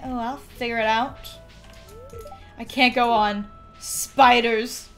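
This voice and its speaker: A high-voiced woman gives casual live-stream commentary while she plays. Her voice swoops up and down as she reacts to what's on screen and talks to her chat, with soft game music underneath. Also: lively intonation, normal speed.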